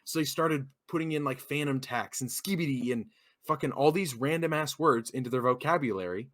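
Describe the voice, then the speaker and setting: Young dude ranting a funny story on a podcast, swears a lot, does the voices, mid pitch. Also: male voice, a little fast. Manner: animated storyteller, swears a lot, acts out quotes. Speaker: podcast co-host telling a story. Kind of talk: casual chat.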